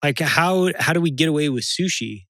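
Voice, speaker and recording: A man on a podcast, chiming in with quick reactions and questions in casual chat. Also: on the high side, expressive, sharp tone. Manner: quick reactive interjections and laughter.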